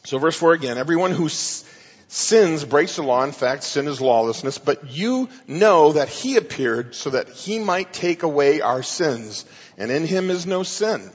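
A pastor teaches through Bible verses in a sermon, stressing points emphatically. His voice is fairly high with a breathy edge, and the sound is muffled with long hall reverb.

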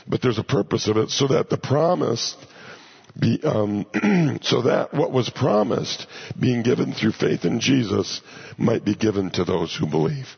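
A man teaching the Bible verse by verse in a conversational way, pausing to ask his listeners rhetorical questions. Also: lowish voice, vocal fry, husky. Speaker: pastor. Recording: dull lo-fi recording.

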